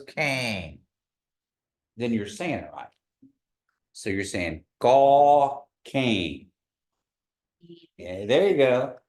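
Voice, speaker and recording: A man teaching an online language class over a video call, patiently repeating words slowly for learners. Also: mid-range voice, a little mellow.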